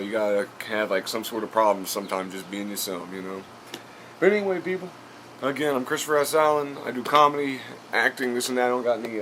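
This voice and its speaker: A man's voice: lowish voice, fairly bright tone, a little hiss or hum. A man hosting a podcast, telling a casual story full of fillers and offhand swearing. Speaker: podcast host and comedian.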